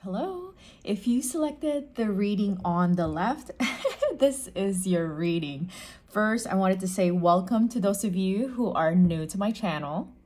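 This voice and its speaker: A woman giving a casual tarot reading to camera, chatty and gentle, often restating her phrases. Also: medium pitch, lively intonation, unhurried. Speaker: psychic tarot reader.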